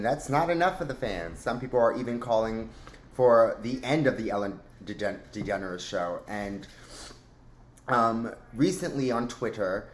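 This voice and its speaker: Rambling man in a roomy echo. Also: lowish voice. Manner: rambling, chatty, joking. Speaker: host. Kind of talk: casual commentary.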